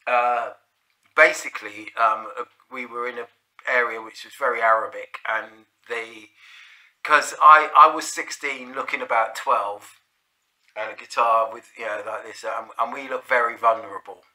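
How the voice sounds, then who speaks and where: A man's voice: mid-range voice, fairly even intonation, a little slow, sharp tone. A man with a South London accent telling a rambling, sweary anecdote full of restarts and fillers. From South London, England. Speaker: storyteller. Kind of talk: casual anecdote.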